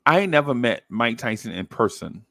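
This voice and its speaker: Animated storytelling man, dry close mic. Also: mid-range voice, moderate pace, gravelly, dry recording. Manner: excitable storyteller, acts out voices, laughs often. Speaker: podcast co-host telling a story. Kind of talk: casual chat, animated storytelling.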